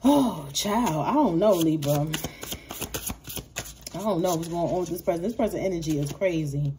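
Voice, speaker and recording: Against a noisy background, a woman with a lowish voice does a casual tarot reading at a moderate pace. She swears freely and laughs a lot, animatedly addressing viewers as baby and child.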